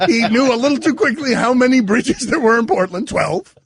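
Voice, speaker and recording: A man's voice: very high-pitched, expressive, brisk, a crowd in the background. A man hosting a sports radio show, chatting casually, laughing often and calling for sound clips.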